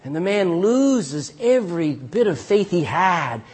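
With a high, breathy-edged voice and a slightly slow delivery, a middle-aged pastor tells stories from the pulpit, restarting as he goes. He keeps asking his congregation "Amen?" during the sermon.

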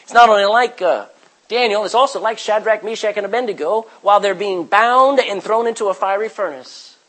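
A man preaching a sermon as pastor, emphatic, swinging from loud declarations to hushed, quiet passages. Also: sits high, fairly quick, poor audio.

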